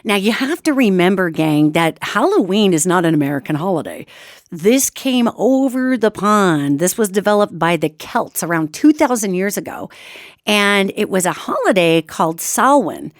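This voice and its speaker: A woman host telling an animated story in a casual, expressive way, acting out quotes. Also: medium pitch, moderate pace, dry recording, studio quality. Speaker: radio show host.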